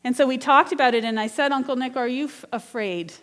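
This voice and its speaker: A woman's voice: sits high, fast, a bit bright, long reverb tail. A woman minister delivering an earnest, conversational sermon with personal storytelling. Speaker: guest minister. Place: church sanctuary.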